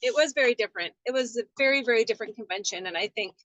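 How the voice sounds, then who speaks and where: High-voiced woman calling in from her car. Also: racing, a bit bright, no room sound, rough recording. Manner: earnest, rambling storyteller. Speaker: team member sharing on a call. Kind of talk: casual testimony sharing. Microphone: call audio through car hands-free system.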